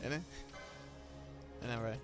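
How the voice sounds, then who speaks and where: A young man co-hosting a game stream, chatting in a jokey, excitable way. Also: measured pace. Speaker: streamer co-host. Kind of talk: casual chat while gaming. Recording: stream with game music playing.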